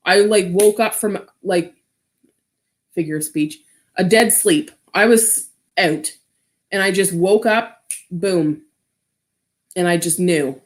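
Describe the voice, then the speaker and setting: Woman streamer, slow and rambling, "like"-heavy casual storytelling. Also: lowish voice. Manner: rambling, full of "like" fillers.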